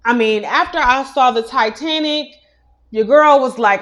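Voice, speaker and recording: A woman's voice: fairly high pitch, steady tone, moderate pace, a bit bright. A young adult woman hosting a casual celebrity news show, chatty and opinionated, with many asides. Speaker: news host.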